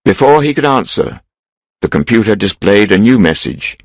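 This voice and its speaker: Deep-voiced man narrating a story. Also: no room sound, poor audio. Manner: steady, measured reading. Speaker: narrator reading a graded English story.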